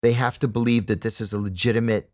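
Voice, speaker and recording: A man's voice: medium pitch, fast talker, no room sound, studio quality. A middle-aged man, a former intelligence officer, telling an anecdote in a podcast interview and acting out the dialogue as he goes. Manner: animated storyteller who acts out quoted dialogue.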